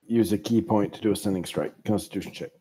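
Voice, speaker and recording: A man playing a tabletop game who talks in a slow, unhurried, deliberate way. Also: lowish voice, fairly even intonation, warm tone, a little hiss or hum. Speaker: player.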